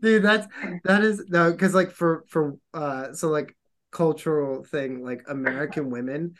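A man hosting a casual chat, speaking in an animated, rambling way with lots of fillers and swearing. He acts out the people he quotes with jumps in his voice. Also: fairly high pitch, unhurried.

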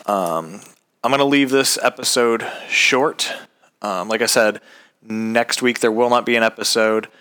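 A man's voice: medium pitch, unhurried, pushed and bright, smooth. A man hosting his own podcast, talking in a casual, rambling rant full of swearing and ums. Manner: profane, rambling, frequent ums. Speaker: podcast host. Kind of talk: casual ranting monologue. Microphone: podcast microphone.

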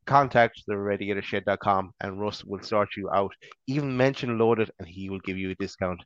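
A man's voice: lowish voice, normal speed, no echo, dull audio. A man co-hosting a casual fan show, chatty and rambling through sponsor plugs with many restarts. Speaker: podcast co-host.

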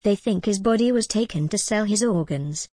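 A woman voicing a calm, commanding jinn spirit in an audiobook, measured and formal. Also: medium pitch, dry recording, studio quality, close to an everyday voice.

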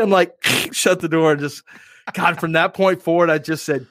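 A man hosting a podcast, telling a story in an animated, profane, self-mocking way. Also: on the high side, moderate pace, no echo, clean studio sound. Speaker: podcast and radio host. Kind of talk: casual chat, storytelling.

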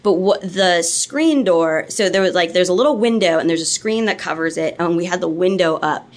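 A woman's voice: lowish voice, normal speed. A woman from Los Angeles, a podcast guest, telling a story with lots of swearing. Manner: profane, animated anecdote telling. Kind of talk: casual storytelling.

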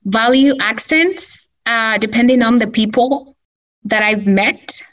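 A woman's voice: fairly high pitch, slow pace, fairly bright tone, recorded from a distance, poor audio. A woman whose first language is Spanish, chatting as an interview guest in English, full of fillers. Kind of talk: casual conversational interview.

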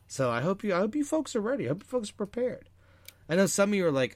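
Rambling lively man, dry sound. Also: high-pitched, fast talker, no echo. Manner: rambling, lively, many fillers and restarts. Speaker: podcast co-host. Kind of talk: casual chat.

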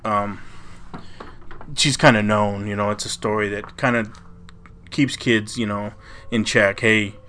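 Man, podcast co-host, lowish voice, casual profane storytelling, lots of fillers. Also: fairly even intonation, a little slow, bright, forceful tone, a little hiss or hum. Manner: loose and profane, retelling a legend with frequent "you know" and "like".

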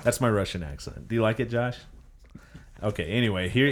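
A man's voice: fairly low pitch, a little fast, very noisy. A man co-hosting a casual podcast, joking around and laughing through his lines. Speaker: podcast co-host, band member. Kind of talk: casual chat.

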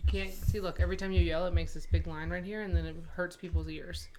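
A woman's voice: on the low side, steady tone, fast talker, background noise. A woman hosting a casual family podcast, asking her young children patient, coaxing questions. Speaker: podcast host and mother.

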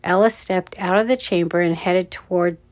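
A woman reading a children's adventure story aloud, with deliberate, measured narration. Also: lowish voice, steady tone.

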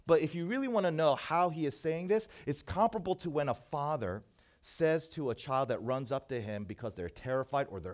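A man preaching a sermon, shifting between soft hushed passages and emphatic points. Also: fairly high pitch, lively intonation, a little fast. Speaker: pastor.

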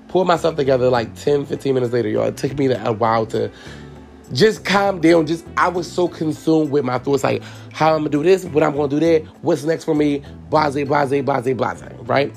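A man with a mid-pitched, gravelly voice tells a personal story to his podcast listeners, candid and profane. He sounds tearful and keeps calling out to them as y'all. Faint music plays underneath. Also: darkish tone. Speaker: podcast host.

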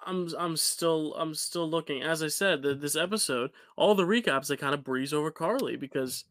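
With a fairly high, slightly bright voice and a moderate pace, this podcast co-host keeps the casual chat relaxed, using "like" a lot and laughing readily. The sound is clean studio audio with no echo.

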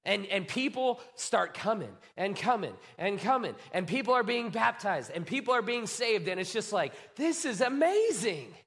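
Male pastor, sermon, high-pitched, hushed then fired up. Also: normal speed, hardly any pauses. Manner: animated, swings from hushed to excited.

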